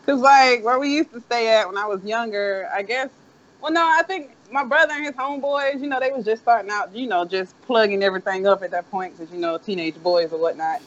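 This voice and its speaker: High-voiced man, dull lo-fi sound. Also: a little fast, fairly bright tone. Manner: rambling, profane, laid-back. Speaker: co-host. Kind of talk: casual storytelling chat. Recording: dull lo-fi audio.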